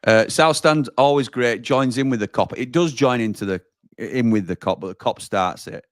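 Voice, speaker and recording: A man's voice: medium pitch, moderate pace, no echo, studio quality. A man hosting a live football watchalong, chatting and reading out viewer comments. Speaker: watchalong host.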